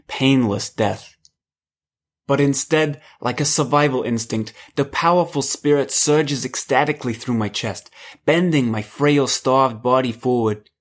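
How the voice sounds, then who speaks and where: A man reads a first-person story aloud in an audiobook style. His voice sits in a middle pitch and he takes his time, letting phrases hang in a measured, reflective way. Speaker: narrator.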